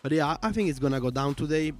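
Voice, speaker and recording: A man's voice: fairly high pitch, expressive, racing, soft background music. Man with a strong Italian accent. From Italy. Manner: analytical, explains at length with many fillers. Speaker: esports co-commentator. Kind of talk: casual livestream commentary.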